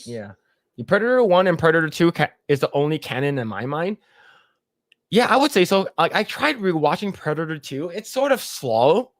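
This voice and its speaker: A man's voice: fairly high pitch, sing-song, moderate pace, dry recording. Guy hosting a podcast, reads chat, swears a lot, rambly, dry close mic. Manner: rambling, profane, laughs often. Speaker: podcast host reading chat. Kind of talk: casual chat.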